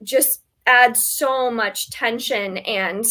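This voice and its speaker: A woman's voice: on the high side, extremely slow, a bit bright. A woman guest gushing and giggling in a casual book chat over a video call.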